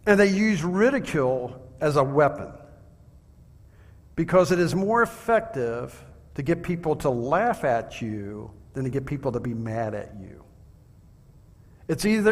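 Man preaching a sermon with measured rhetorical questions; fairly high voice, recorded in a large reverberant hall.

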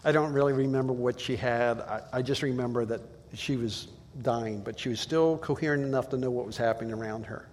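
A man's voice: medium pitch, fairly quick, hardly any pauses, a little mellow, long reverb tail, a little hiss or hum. A male pastor giving a conversational sermon, telling stories in a plain way with asides to the listeners.

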